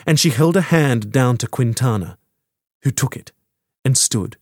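A male audiobook narrator reads in a measured, steady way, at a mid pitch for a man. The studio sound is dry and close to the mic. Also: dry recording.

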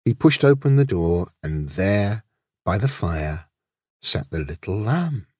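A man reading his own children's story aloud, expressive and gentle. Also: deep voice, takes it slowly, husky, no echo, clean studio sound.

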